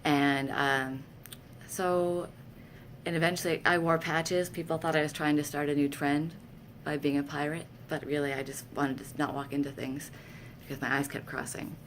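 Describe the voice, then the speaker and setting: A woman vlogger talks casually to the camera, sharing candid personal stories that poke fun at herself, and she gets animated whenever she quotes her own words. Her voice sits low and moves at a normal speed, with a little hiss or hum in the background.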